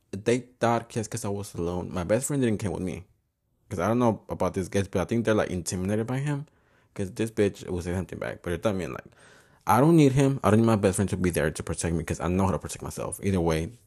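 Low-voiced young man, profane and chatty. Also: a little mellow. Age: 20s. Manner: profane, chatty, switches between English and Spanish, laughs often. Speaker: podcast host. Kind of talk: casual storytelling monologue. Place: home.

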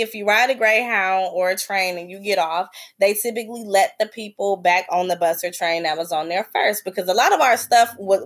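A woman hosting a podcast, telling a travel story in a blunt, profane, animated way. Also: medium pitch. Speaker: podcast host. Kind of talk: casual storytelling.

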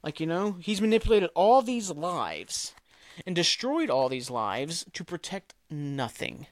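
A man with a fairly high voice talks alone on his podcast, rambling and cursing freely as he recaps. His speech is packed with "like" and "um." The sound is dry and close, with no room echo. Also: very animated, unhurried. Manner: rambling and profane, heavy on "like" and "um". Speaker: podcast host. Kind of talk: casual solo podcast recap.

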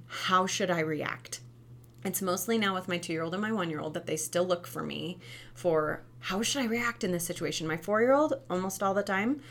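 Woman, 30s, parenting advice, chatty and animated, fairly low voice. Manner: chatty, animated, many "right?" tags. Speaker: parenting talk host, former teacher. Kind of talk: casual advice talk.

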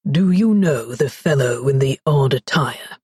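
A woman narrator voicing a jovial middle-aged man, a future stepfather, in a lowered, husky voice. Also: normal speed, darkish tone, no echo, clean studio sound. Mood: pompous. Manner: fake British accent, kindly.

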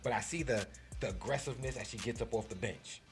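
A man telling a funny story on a podcast in animated, slangy speech with acted-out quotes. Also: medium pitch, fast talker, soft background music. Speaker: podcast guest. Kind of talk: casual storytelling.

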